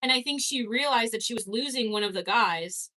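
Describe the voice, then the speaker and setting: A young woman streamer from Canada chats casually with her viewers. Her voice sits a little high, and she talks loosely, swears now and then, and laughs easily as she reacts to comments. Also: brisk, bright, forceful tone. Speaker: streamer reading chat. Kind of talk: casual livestream chat.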